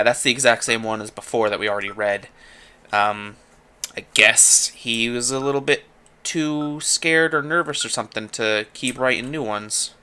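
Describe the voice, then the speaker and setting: A man casually commenting while playing a game, thinking out loud with chatty asides. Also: mid-range voice, slight background noise. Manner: chatty, thinking aloud with fillers and laughs. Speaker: let's play host.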